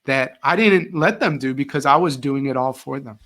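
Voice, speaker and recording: Here a middle-aged man with a mid-range voice speaks at a normal pace. Once a teacher, he's telling stories as a guest in a casual interview, animated throughout and doing the voices of the people he quotes.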